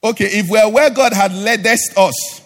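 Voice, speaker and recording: A man's voice: high-pitched, normal speed, a bit bright. A man preaching a sermon, asking the congregation to finish his sentences and rising into a sing-song lilt. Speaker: pastor. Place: church. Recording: live church hall with reverb and faint music.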